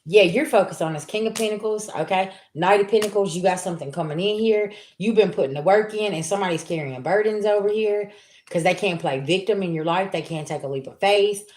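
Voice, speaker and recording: A woman gives a casual tarot reading, speaking straight to her viewers in loose, everyday language. She talks at a mid pitch and often slips into lively voices for the people she quotes. The room around her sounds echoey. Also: a little fast. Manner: colloquial, talks straight at the audience. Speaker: tarot reader.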